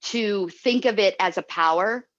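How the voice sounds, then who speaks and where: A woman's voice: mid-range voice, measured pace, fairly bright tone. Earnest, emotional woman on a dull call. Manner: earnest, emotional, repeats herself. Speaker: guest speaker. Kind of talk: heartfelt motivational talk.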